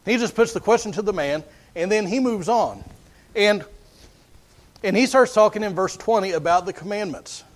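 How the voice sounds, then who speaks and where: A man's voice: sits high, animated, moderate pace. A man preaching a sermon in an earnest way, often repeating words as he builds his points.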